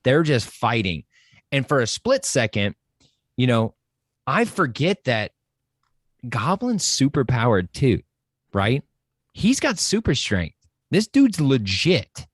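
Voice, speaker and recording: Guy geeking out over a movie, talks right into the mic, voice shoots way up when he gets excited, dry sound. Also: takes it slowly, pauses often, slightly rough, no room sound. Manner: animated, excitable, jumps into high exclamations. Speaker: pop culture podcast guest. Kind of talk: excited casual movie discussion. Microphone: close microphone.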